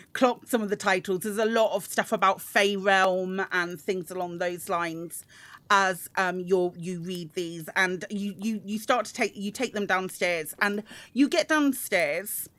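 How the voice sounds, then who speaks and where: A woman narrating as game master of a tabletop game, describing scenes with many pauses and restarts. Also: mid-range voice, fairly bright tone, no echo. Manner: hesitant, many ums and restarts.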